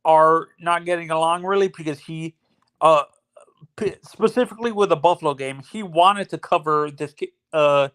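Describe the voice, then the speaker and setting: A man's voice: a little high, normal speed, a bit bright, clean tone. A man co-hosting a casual chat, asking long rambling questions.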